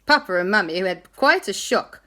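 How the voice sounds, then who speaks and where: A woman's voice: mid-range voice, brisk, a little hiss or hum. A woman telling an improvised children's story, voicing each character in turn. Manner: animated, playing every character in turn.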